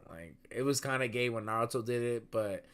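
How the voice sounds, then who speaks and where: A man co-hosting a podcast, telling profane stories in casual chat with sudden loud outbursts. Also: medium pitch, steady tone, brisk, clean tone. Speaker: podcast co-host.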